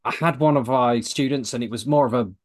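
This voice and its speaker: A man's voice: medium pitch, a little fast. A man, a sales trainer, chatting casually and acting out phone calls as he tells a story. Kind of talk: casual podcast chat.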